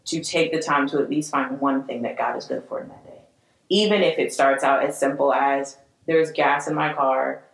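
A woman's voice: very deep voice, roomy sound, poor audio. A woman co-hosting a podcast in casual chat, earnest and emotional, drifting between tears and laughter. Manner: earnest, tearful and laughing in turns. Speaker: podcast co-host.

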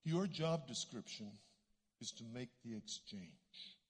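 A man's voice: medium pitch, slow pace, breathy edge. A middle-aged Canadian man preaching a sermon in a church sanctuary, telling stories and acting out the voices in them. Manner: animated storytelling, acts out voices. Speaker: guest preacher. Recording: long church hall reverb.

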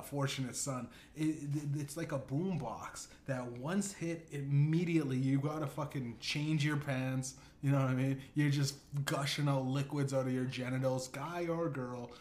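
A man's voice: medium pitch, a little mellow, slight background noise. Rambling, profane male comedy storyteller. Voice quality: rambling, profane, repeats "you know what I'm saying". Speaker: podcast host. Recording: echoey room with faint ambience.

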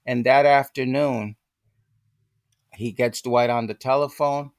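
This is an older man with a slow, mid-range voice, appearing as an interview guest on a podcast. He tells stories with animation and acts out the voices he quotes. The audio is studio quality with no echo.

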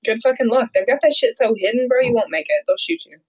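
A woman's voice: a little high, quick pace, dull audio. A woman co-hosting a podcast in casual chat, blunt and emphatic with lots of swearing. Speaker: podcast co-host.

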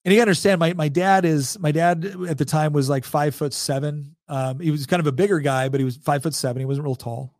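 A man's voice: fairly high pitch, quick pace, few pauses, a little mellow, no echo. Chatty man in his forties, dry sound. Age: 40s. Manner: chatty, laughs often, restarts sentences. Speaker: podcast guest. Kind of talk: casual storytelling.

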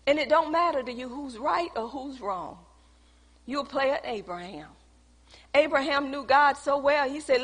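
Expressive and a little slow, a bright, high-voiced woman delivers a sermon that turns her own testimony into teaching. She talks conversationally, addresses the congregation directly, and her words echo with the long reverb of a church hall.

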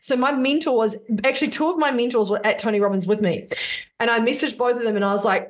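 A woman, a podcast guest telling her story in casual, animated talk and swearing freely. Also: fairly high pitch, fast.

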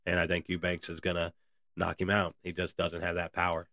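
A man with a very deep voice hosts a casual solo podcast. He rambles along loosely, full of "uh" and "man," talking straight to his listeners. The sound is close and dry, with no room around it. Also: monotone, brisk, pushed and bright, no echo, lo-fi sound. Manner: rambling, filler-heavy, says "man" and "guys" a lot. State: briefly out of breath. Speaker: podcast host.

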